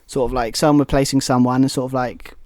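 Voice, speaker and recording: British male podcast co-host, mid pitch, rambling chat, dry close mic. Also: flat delivery, fast, a little mellow, dry recording. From Britain. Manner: rambling, many restarts and fillers. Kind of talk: casual chat.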